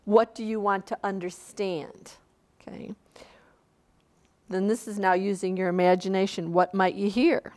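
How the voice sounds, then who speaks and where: A woman's voice: medium pitch, level tone, a little slow, dark tone. Woman leading a seminar exercise. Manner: conversational, retells a story with quoted speech. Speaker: seminar speaker. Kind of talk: seminar talk with a workshop exercise. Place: seminar room.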